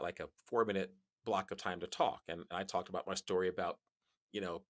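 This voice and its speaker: A man guest on a podcast, telling stories in casual conversation, animated and laughing as he talks, often restarting his sentences. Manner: animated storyteller, jumps high in pitch on quoted lines; frequent restarts and laughs while talking.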